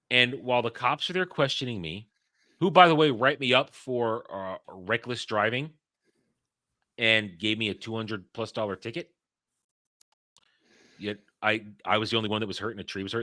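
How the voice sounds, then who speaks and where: A man casually telling a story as a podcast host, profane and animated, with frequent restarts. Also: lowish voice, dry recording.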